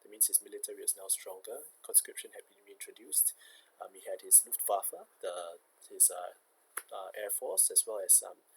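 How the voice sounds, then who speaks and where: A man's voice: sits low, expressive, normal speed, gravelly, slight background noise, low-quality recording. A man teaching a recorded history lesson, explaining step by step and checking in with "okay".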